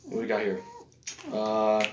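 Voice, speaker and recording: A man hosting a casual podcast from his couch, ranting in a profane, animated way. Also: lowish voice, slow pace, highs cut off, background noise. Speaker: podcast host. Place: living room at home, on a couch. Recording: echoey room.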